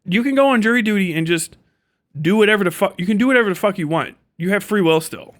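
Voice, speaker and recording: A man's voice: high-pitched, expressive, fast talker, a bit bright. A man livestreaming a profane, sarcastic rant, mocking and swearing at his viewers. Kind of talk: ranting livestream commentary.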